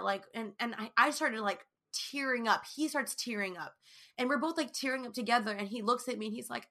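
A woman's voice: fairly high pitch, a little fast, sharp tone. A young woman hosting a faith podcast, talking through a personal story in a chatty way, full of "like" and "you know". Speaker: podcast host. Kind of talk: casual faith podcast monologue.

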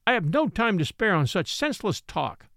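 A man reading the part of an impatient, irritable doctor with sharp, exasperated speech, in an audiobook. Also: fairly high pitch, sing-song, normal speed, gravelly, no echo, studio quality.

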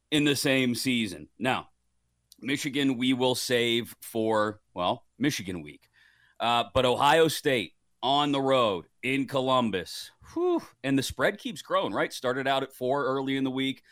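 A man's voice: medium pitch, no room sound, clean studio sound. A man giving his college football picks as a guest on a betting show, talking casually with jokes at his own expense. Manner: animated, self-deprecating, jokey. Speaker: guest sports betting analyst. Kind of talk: casual sports betting chat.

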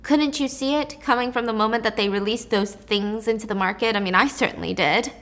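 A woman's voice: a little high, a little fast, fairly bright tone. A woman voicing a smug, preachy male news commentator. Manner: preachy, self-assured.

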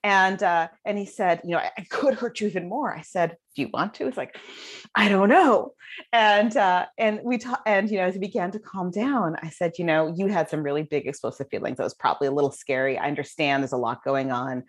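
A woman's voice: on the low side, fairly quick. A middle-aged woman, a guest author, chatting casually in an interview and telling stories with many fillers. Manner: animated storytelling with many fillers. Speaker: guest, child development author.

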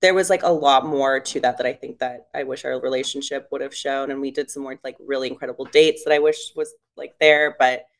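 A young woman, a guest in a casual chat, telling stories and quoting herself in lively voices. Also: extremely low pitch, a little fast, hardly any pauses. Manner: chatty storytelling, quotes herself in lively voices.

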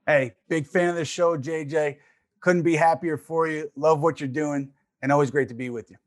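A man guesting on a sports show, talking in a relaxed, friendly way. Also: a little high, normal speed.

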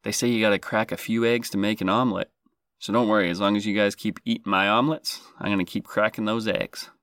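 A man with a low, gravelly voice hosts a comedy podcast, cracking self-deprecating and sarcastic jokes. The sound is dry and close, with no room around it. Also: fairly even intonation, fast, fairly bright tone, no room sound. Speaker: podcast host.

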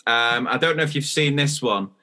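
Bright-voiced chatty man. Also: mid-range voice, moderate pace. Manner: chatty storytelling, acts out dialogue. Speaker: podcast co-host. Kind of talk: casual chat.

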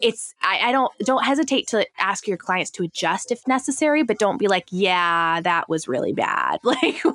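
A woman's voice: fairly high pitch, expressive, brisk, a bit bright, no echo. A woman co-hosting a podcast in casual chat, emphatic and full of "like" fillers. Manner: chatty, many "like" fillers, emphatic. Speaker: podcast co-host.

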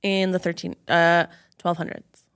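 A woman's voice: on the low side, a little slow, clear, resonant tone. Chatty woman podcast host. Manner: chatty, animated storyteller with lots of "like". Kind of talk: casual chat.

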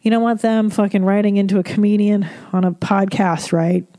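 A woman's voice: mid-range voice, fairly even intonation, fairly quick, mellow, no room sound. A woman comedian hosting an advice podcast, reading listener emails and giving blunt, profane, candid advice. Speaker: podcast host.

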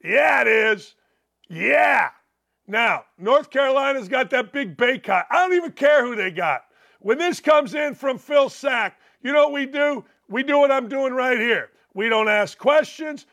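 A middle-aged man hosting a sports talk show, brash and jokey, shouting out his betting picks. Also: very high-pitched, animated, measured pace, vocal fry.

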